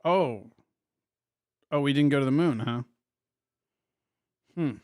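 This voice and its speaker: A man's voice: mid-range voice, slow, a little mellow, clear, resonant tone, dry recording, studio quality. A man commentating on a livestream he is watching, mocking it with frequent laughs and a put-on customer voice. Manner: mocking, laughs often, does a nerdy customer voice. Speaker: stream commentator.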